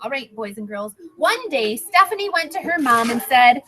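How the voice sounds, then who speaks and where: An animated woman teacher reading a picture book to a class of first graders, her high voice bouncing all over the scale. She keeps coaxing the children to chant along with her. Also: moderate pace, few pauses, slight background noise, low-quality recording. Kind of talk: read-aloud storytime.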